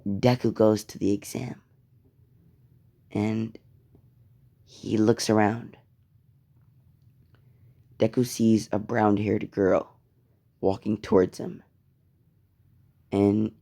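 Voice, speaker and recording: A man's voice: on the low side, vocal fry, dark tone. A man telling a story casually, rambling, cursing and interrupting himself. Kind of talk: casual fan-fiction storytelling.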